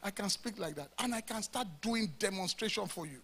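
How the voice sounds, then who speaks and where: A man with a Nigerian accent preaches to a church congregation in a high, husky voice. His tone is strikingly bright and cutting, and he drives his points home with pointed rhetorical questions. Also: a little fast. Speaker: pastor. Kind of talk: sermon. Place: church service before a congregation.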